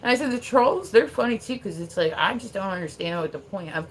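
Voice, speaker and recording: A woman's voice: medium pitch, expressive, brisk, hardly any pauses, slight background noise. A woman live streamer rambling casually at home, full of fillers and swearing. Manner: rambling, profane, many fillers. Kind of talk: casual livestream chat. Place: at home with her dog.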